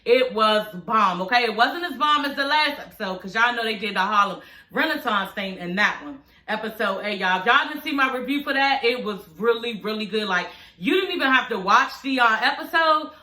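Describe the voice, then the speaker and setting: Bright-voiced chatty woman, roomy echo. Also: fairly high pitch, animated, fairly quick. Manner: chatty, profane, keeps addressing viewers as y'all and girl; laughs often while talking. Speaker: show recap vlogger. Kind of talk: casual TV episode review.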